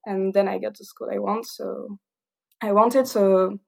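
A woman's voice: mid-range voice, steady tone, measured pace, creaky. A woman in her thirties from the south of France with a French accent, answering interview questions hesitantly with many fillers. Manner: hesitant, many fillers, laughs between phrases. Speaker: guest.

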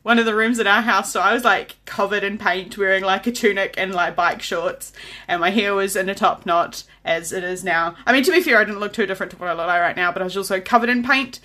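A woman's voice: medium pitch, fairly even intonation, fast, bright, forceful tone. A woman with a New Zealand accent hosting a podcast, chatty and self-deprecating, laughing often. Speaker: podcast host. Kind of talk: casual chat.

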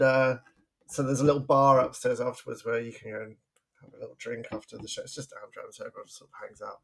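An English man co-hosts a podcast, telling stories in a chatty way and laughing often during casual conversation. His voice is medium-pitched with vocal fry, and there's slight background noise.

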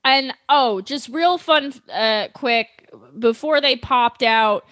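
A woman recaps a cartoon with friends, laughing and slipping into quick character voices. Her voice sits mid-range and sounds dry and close. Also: high voice, a bit bright, no room sound. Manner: laughing, storytelling, acts out characters in quick asides. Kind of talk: casual comedic recap.

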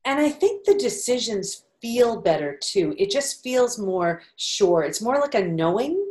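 A woman's voice: fairly high pitch, sing-song, measured pace, a little mellow. Thoughtful woman in a roomy space. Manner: thoughtful, searching for words. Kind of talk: casual conversation.

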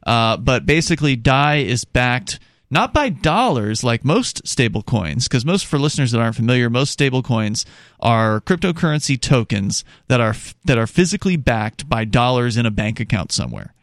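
A man's voice: medium pitch, lively intonation, normal speed, no room sound, clean studio sound. A man co-hosting a talk show in casual chat, explaining step by step and reading news passages aloud with small restarts. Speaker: podcast co-host.

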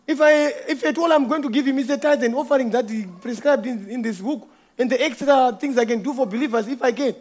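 High-voiced man giving a rambling testimony. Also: fast, darkish tone. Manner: rambling, storytelling with frequent chuckles. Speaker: church member giving a testimony. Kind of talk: informal testimony.

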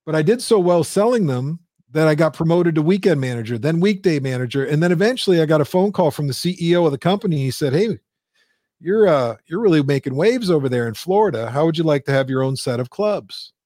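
Brief: male guest in his fifties, high voice, animated storyteller, dry close mic. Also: quick pace, dry recording. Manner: animated storyteller, acts out quotes in a high squeal. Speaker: guest, business founder. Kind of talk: storytelling interview.

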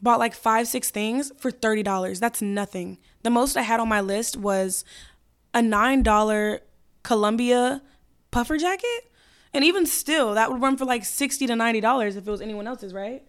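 A young woman with a slightly high voice and a hoarse, fading throat hosts her podcast alone. She talks in a chatty, candid way, full of slang. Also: moderate pace. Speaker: podcast host. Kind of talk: casual solo podcast chat.

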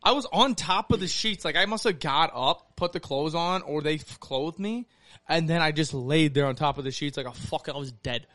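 A man co-hosts a casual podcast, telling crude stories packed with swearing and laughing at his own jokes. His voice is fairly high and a bit bright, at a moderate pace, with no echo.

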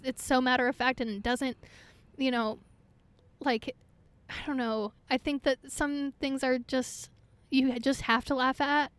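A young woman from Oklahoma, chatting casually as a podcast guest. She has a high voice and rambles through her stories with plenty of "like" and "I don't know". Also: a bit bright, smooth, no echo. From Oklahoma, USA. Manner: chatty, laughs often, many fillers. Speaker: singer-songwriter guest.

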